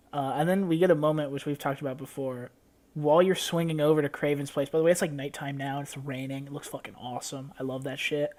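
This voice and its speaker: Lively young man, higher voice. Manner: animated, swears freely while recapping. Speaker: podcast co-host. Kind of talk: casual chat.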